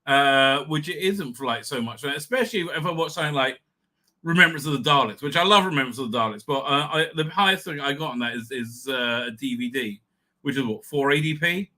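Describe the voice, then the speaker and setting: A middle-aged man hosting a live stream, tipsy and rambling with many halting restarts. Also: mid-range voice, pushed and bright.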